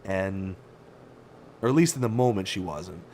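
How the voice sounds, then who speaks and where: A man hosting a casual live gaming stream, telling stories with animated reactions and answering viewer chat. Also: sits low, measured pace, a little hiss or hum.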